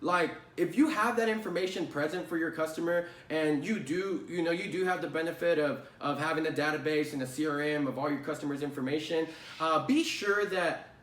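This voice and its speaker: A sales trainer gives a casual talk on sales calls, speaking conversationally, repeating his points and tagging lots of sentences with "right?". His voice is fairly high and fairly bright, a little fast, and he sounds distant from the mic in a roomy, echoing space.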